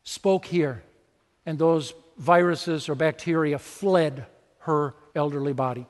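Male pastor, slightly high voice, lively and conversational sermon delivery, long church reverb. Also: slow pace. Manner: conversational and animated, acting out little scenes.

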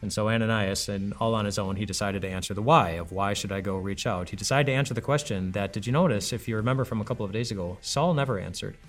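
A man's voice: fairly low pitch, quick pace, few pauses, soft background music. A man giving a conversational, reflective devotional sermon as a pastor, full of rhetorical questions.

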